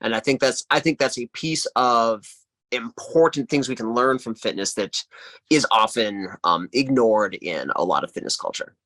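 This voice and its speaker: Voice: mid-range voice, expressive, moderate pace, fairly bright tone. A middle-aged host and martial arts instructor, reflecting thoughtfully in a casual interview.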